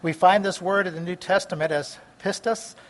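A man preaching a sermon, reading scripture aloud and explaining it, stumbling over words at times and swinging between loud and soft delivery. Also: high voice, fairly even intonation, normal speed.

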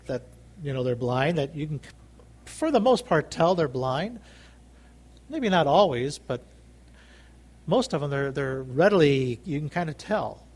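A man's voice: fairly high pitch, darkish tone. A man preaching a sermon, emphatic and repetitive, calling out for amens from the congregation. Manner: emphatic, repeats phrases, calls for amens.

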